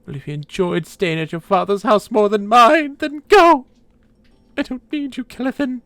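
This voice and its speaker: A man's voice: high voice, sing-song, slow pace, no echo, soft background music, voice pushed up, exaggerated voice. A man voicing a melodramatic, doting middle-aged mother who scolds in a theatrical, overwrought way. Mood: indignant.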